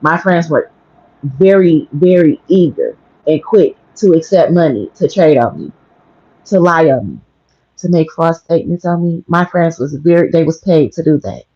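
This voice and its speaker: A woman's voice: deep voice, lively intonation, moderate pace, warm tone, breathy edge, dry recording. A woman tells a story on her livestream in a blunt, profane way. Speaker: livestream host. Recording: dry, dull lo-fi stream audio.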